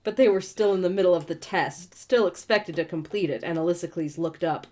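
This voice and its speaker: A book reviewer with a fairly low, darkish, brisk voice reads a novel aloud. Between passages she breaks in with snarky, profane asides.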